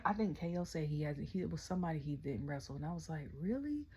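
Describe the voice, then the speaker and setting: A young adult woman, ranting casually about a wrestling event, telling it in animated quotes and often asking "okay?". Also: low-pitched, fast talker, husky, lo-fi sound. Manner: animated storytelling, quotes her own reactions, frequent "okay?". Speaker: wrestling review vlogger. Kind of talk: casual rant.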